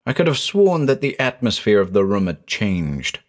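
A man narrating a horror story in a measured, dramatic storytelling manner. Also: lowish voice, big pitch swings.

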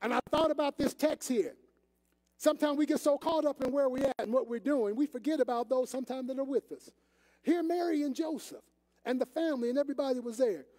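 Older guy preaching, folksy and chatty, really high mellow voice, big churchy echo. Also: brisk. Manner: conversational, folksy, addresses the congregation directly. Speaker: assistant pastor. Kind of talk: sermon with storytelling. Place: church sanctuary. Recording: echoey church hall.

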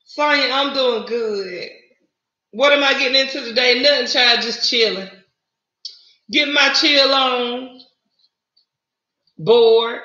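A woman's voice: on the high side, slow pace, pauses often, bright, forceful tone. A woman with a Southern US accent chatting casually on a livestream, greeting viewers and calling them honey and y'all. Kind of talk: casual live-stream chat. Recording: roomy, slightly dull lo-fi sound.

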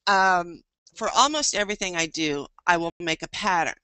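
Bright-voiced woman giving a chatty online painting lesson, dry close sound. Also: on the low side, normal speed, smooth, no room sound. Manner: chatty, thinking aloud. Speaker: painting teacher. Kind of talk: live online painting demo.

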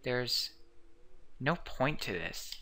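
A man voicing a troubled young man in a horror game, reading his lines as a low inner monologue. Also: lively intonation, very slow, pushed and bright, exaggerated voice. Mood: brooding.

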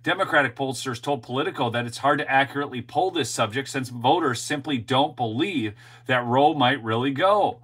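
A man's voice: medium pitch, a little fast, fairly bright tone, husky, rough recording. A middle-aged man hosting his own show, delivering an emphatic, opinionated commentary monologue and talking straight to his viewers. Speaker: show host and political commentator.

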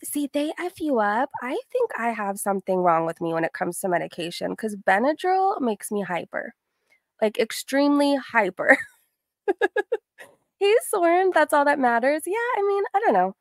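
A woman's voice: fairly high pitch, very animated, moderate pace, no echo, clean studio sound. A young woman hosting a casual livestream, bubbly and giggly, greeting her chat by name. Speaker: livestream host.

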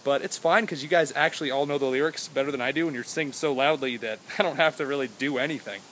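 With poor audio, a young man vlogs outside by his house, rambling and joking goofily as he switches topics and does silly voices. His mid-range, slightly bright voice moves quickly with hardly any pauses.

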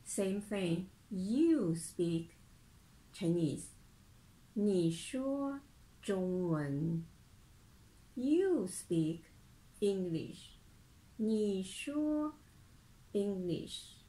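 A woman teaching beginner Mandarin, speaking slowly and repeating each phrase with care. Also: mid-range voice, lively intonation, warm tone, rough recording. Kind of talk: slow language lesson.

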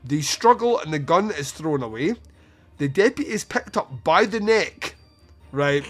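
He's a podcast host doing a casual film review, retelling each scene with loads of fillers, casual swearing, and frequent laughter. The voice is a little high and fairly bright.

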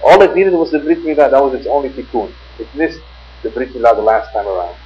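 A man, a rabbi, giving a religious lecture in a measured, phrase-by-phrase storytelling manner. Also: mid-range voice. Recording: muffled lo-fi tape with faint mains hum.

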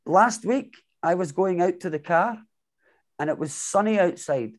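A man's voice: sits high, unhurried. A man hosting an interview, asking friendly, joking questions. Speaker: interviewer host. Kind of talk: casual interview chat.

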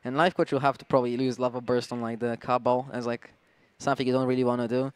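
A man with an Eastern European accent doing relaxed, chatty commentary on a card game match. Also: medium pitch, fast, smooth. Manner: relaxed, chatty, laughs often. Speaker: esports caster.

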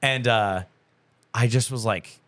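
A man's voice: medium pitch, slow, fairly bright tone, no room sound. A young man, a guest musician, telling stories in a loose and chatty way, full of filler words and swearing. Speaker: guest musician, band vocalist. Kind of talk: casual podcast interview.

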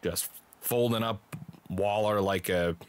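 A man's voice: lowish voice, slow pace, smooth. A man giving playful mock play-by-play commentary over a wrestling video game, bantering with his co-host.

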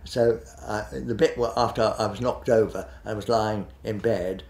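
Old guy in his 80s rambling through memories, gravelly low voice, echoey room. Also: steady tone, moderate pace, darkish tone, a little hiss or hum. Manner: rambling and hesitant, with many fillers and restarts. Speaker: interviewee, retired television director. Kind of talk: reminiscing interview.

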